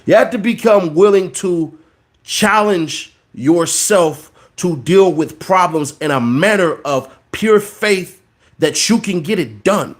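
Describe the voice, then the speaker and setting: Male podcast host, thirties, slightly higher voice, preachy riffing delivery. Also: animated, slow. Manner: preachy, repeats words for emphasis. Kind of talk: casual commentary monologue.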